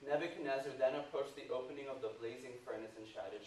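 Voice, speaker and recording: A man preaching a sermon, retelling a scripture story with animated asides, recorded in a church. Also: medium pitch, fast, few pauses. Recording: echoey church hall, mic at a distance, faint hiss.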